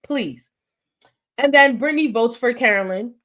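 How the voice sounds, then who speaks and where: Brief: woman podcast co-host, mid-pitch, animated recap chatter. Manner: animated, quick retelling with acted-out quotes. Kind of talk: casual recap chat.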